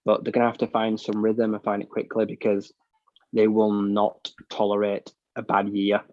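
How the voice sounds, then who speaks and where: A man's voice: fairly low pitch, completely flat delivery, normal speed, dry recording. A British man co-hosting a podcast, giving blunt, opinionated takes in casual chat that rambles with restarts. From United Kingdom. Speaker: podcast co-host. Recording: dull, dry lo-fi mic sound.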